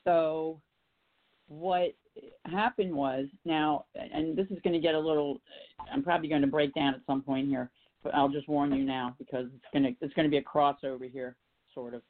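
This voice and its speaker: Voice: medium pitch, fairly even intonation, moderate pace. Caller, chatty, telling a story, phone-line audio. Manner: chatty, self-deprecating. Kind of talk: casual phone chat.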